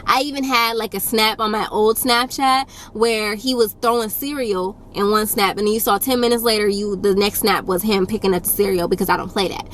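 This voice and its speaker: A woman's voice: medium pitch, steady tone, fairly quick, hardly any pauses, a bit bright. A young woman tells a casual storytime to her camera in a blunt, no-nonsense, sassy way. She hammers her points home by repeating them. A faint hiss sits under her close-miked voice. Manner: blunt, firm and sassy, with emphatic repetition. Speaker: YouTube storyteller.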